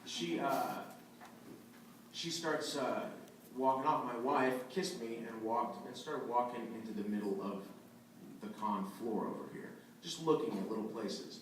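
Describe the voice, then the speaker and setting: A man in his thirties, a voice actor at a convention panel, telling a story in an animated way and acting out the quotes. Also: medium pitch, a little slow, a little hiss or hum. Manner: animated anecdotal, acts out quotes. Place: large convention hall. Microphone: phone camera from the audience. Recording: echoey hall from far off, phone audio.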